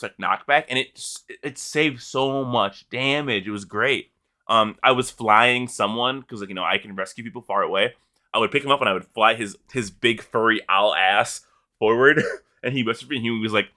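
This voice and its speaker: A man's voice: medium pitch, moderate pace, sharp tone. A man co-hosting a podcast, chatting casually about games and swearing freely as he talks. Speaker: podcast co-host. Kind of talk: casual gaming chat.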